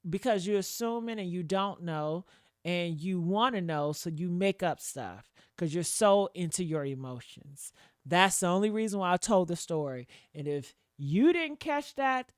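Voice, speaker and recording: Animated, profane woman storyteller, dry room. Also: fairly low pitch, no echo. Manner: animated and profane, acts out quotes, laughs often. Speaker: online show host. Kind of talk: storytime commentary to live viewers.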